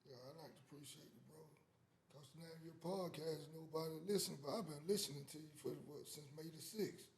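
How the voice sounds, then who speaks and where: Soft-spoken gravelly man. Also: fairly even intonation, fast, echoey room. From Fort Worth, Texas. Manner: quiet, low-key delivery. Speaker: guest. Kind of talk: casual interview talk.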